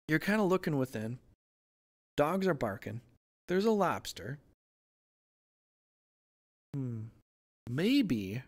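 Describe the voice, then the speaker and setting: A tarot reader on their own channel, talking through a casual reading in a playful, rambling, goofy way full of tangents. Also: medium pitch.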